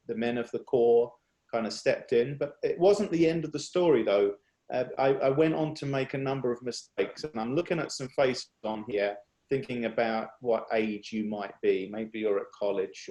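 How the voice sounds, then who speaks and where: Sharing personal testimony at a worship workshop, a man speaks in a medium-pitched, slightly mellow voice, captured on a video call with roomy echo. He's earnest and confessional, often stopping and restarting.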